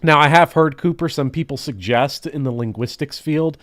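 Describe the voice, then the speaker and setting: A man's voice: fairly high pitch, normal speed, a bit bright. A man chatting casually and joking, laughing often and slipping into mock-scholarly asides.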